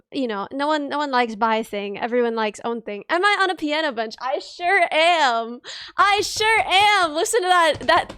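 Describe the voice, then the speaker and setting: Playful high-voiced woman streamer. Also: a bit bright, no room sound, studio quality. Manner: playful, drops articles jokingly. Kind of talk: casual chat. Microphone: desk mic at computer.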